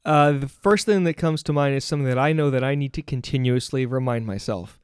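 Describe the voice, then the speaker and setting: A man's voice: medium pitch, brisk, darkish tone, clear, resonant tone, dry recording, clean studio sound. A man in his thirties, a father and podcast guest, talking easygoingly with lots of fillers and ready laughs. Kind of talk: casual conversational interview.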